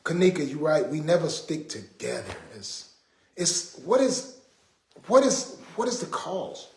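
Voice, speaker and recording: A man's voice: a little high, big pitch swings, measured pace, creaky, slight background noise. A man hosting a casual livestream, talking in an exasperated, preachy way to his viewers. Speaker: livestream host. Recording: roomy echo.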